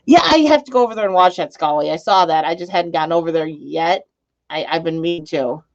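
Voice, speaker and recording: A woman's voice: fairly low pitch, fast, a little mellow. Woman streamer, casual chat with viewers, rambling and jokey, dull lo-fi sound. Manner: rambling, joking, laughs often. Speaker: live streamer. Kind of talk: casual live-stream chat reading comments.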